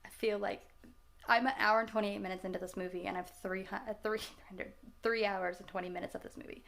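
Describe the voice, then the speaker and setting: A woman's voice: medium pitch, fairly even intonation, fast talker, gravelly, fairly bright tone. A woman in her twenties chatting casually about movies she just watched, rambling, laughing often and restarting her sentences. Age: 20s. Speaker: vlogger reacting to films.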